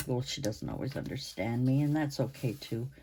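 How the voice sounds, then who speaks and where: A woman in her sixties hosting her own channel, chatting to camera in a rambling way with pauses and restarts, her voice hoarse and interrupted by coughs. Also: very deep voice, lively intonation, mellow. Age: 60s. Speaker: channel host. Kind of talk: casual chat to camera.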